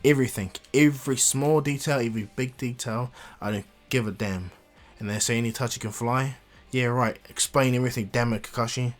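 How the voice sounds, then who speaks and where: A man voicing an angry, vengeful teenage ninja boy who shouts his demands. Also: mid-range voice, brisk, hardly any pauses, soft background music, close to an everyday voice. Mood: demanding.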